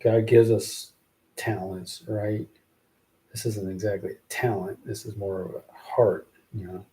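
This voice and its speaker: A man talks in an unhurried, low-key way, circling back over the same phrases while he shapes a rhyme. His voice sits low and sounds warm and relaxed. He often stops to question himself before moving on. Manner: musing, halting, repeats phrases while working out lines. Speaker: podcast host writing rhymes. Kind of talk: casual thinking aloud while writing verses.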